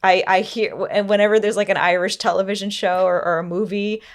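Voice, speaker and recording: A woman's voice: medium pitch, fairly even intonation, fairly quick. Playful American woman co-host. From United States. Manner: playful, self-mocking. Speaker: podcast co-host. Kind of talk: casual chat.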